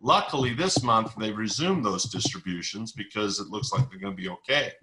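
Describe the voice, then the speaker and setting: A middle-aged man with a bright, forceful voice talks through investing ideas in a relaxed interview. He leans on everyday analogies and stories and repeats key words to drive them home. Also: on the low side, fairly quick, slight background noise, rough recording. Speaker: investing educator, interview guest. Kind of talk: conversational explanation.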